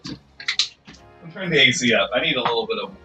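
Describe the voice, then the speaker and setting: A man's voice: mid-range voice, lively intonation, moderate pace, pushed and bright, soft background music. A man live-streaming a video game, chatting casually and rambling to himself with self-deprecating remarks.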